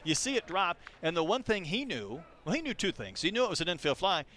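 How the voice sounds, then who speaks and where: A man doing live play-by-play baseball commentary, calling pitches and chatting between them. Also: sing-song, fairly quick, pushed and bright, a little hiss or hum. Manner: conversational, calls pitches between chatty stories. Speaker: play-by-play announcer.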